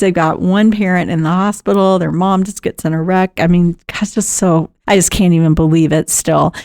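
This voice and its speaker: Gravelly-voiced woman chatting. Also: on the low side, no room sound, studio quality. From Texas. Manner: chatty, animated, laughs often. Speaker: podcast host and caregiver. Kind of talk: casual personal storytelling.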